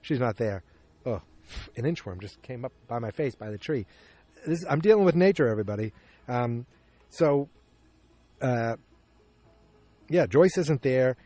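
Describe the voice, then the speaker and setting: A man hosting a podcast, recapping an episode in casual chat from his backyard, acting out the characters' lines in quick changing voices. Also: mid-range voice, animated, warm tone, dry recording. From Massachusetts. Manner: chatty, acts out character lines with quick voice shifts. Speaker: podcast host. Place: outdoors in a backyard.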